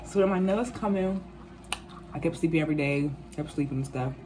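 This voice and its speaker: A woman in her twenties telling a casual storytime, animated and profane, acting out quotes. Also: low-pitched, rapid-fire, a little hiss or hum. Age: 20s. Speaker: vlogger.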